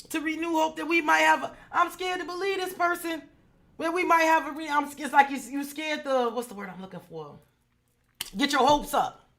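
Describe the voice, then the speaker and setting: Woman tarot reader on a live stream: frank, swearing, chatty, voice on the higher side. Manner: talks straight to viewers by name.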